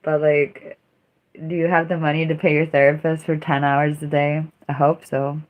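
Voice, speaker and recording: A woman's voice: deep voice, flat delivery, normal speed, phone-quality sound. A woman streaming live, chatting casually in a rambling, self-mocking way with dramatic outbursts. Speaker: livestreamer. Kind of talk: casual livestream chat.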